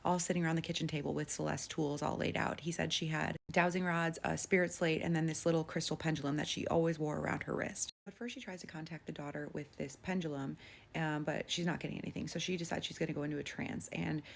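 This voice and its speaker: A woman's voice: deep voice, fairly even intonation, fast talker, gravelly, a little hiss or hum. A woman casually retelling a paranormal story she heard, in a conversational way with lots of filler words.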